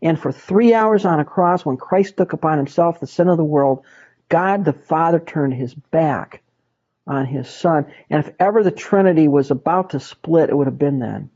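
Emphatic male Bible teacher, mellow voice. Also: a little high, normal speed. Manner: emphatic, repeats words for stress. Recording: dull lo-fi recording.

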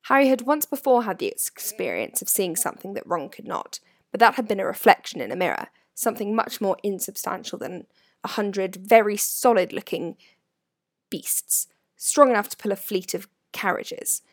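A woman narrating a storybook in an expressive, varied reading, recorded close to the mic. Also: mid-range voice, moderate pace, dry recording. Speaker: audiobook narrator.

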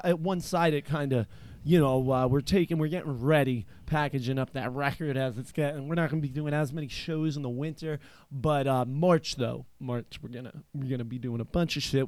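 A man's voice: mid-range voice, a little mellow, no echo. A man from eastern Pennsylvania hosting a casual chat show, telling stories in a rambling, profane way with lots of filler words. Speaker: podcast host.

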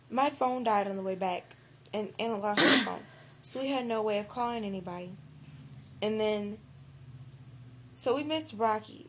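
A woman's voice: medium pitch, slight background noise. A young woman in casual chat, laid-back and slangy, teasing her friend.

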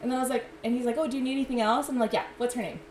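A woman's voice: sits high, steady tone, very fast, reverberant, a crowd in the background. A woman telling a story in casual chat, with many "like"s. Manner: chatty, filler-heavy retelling.

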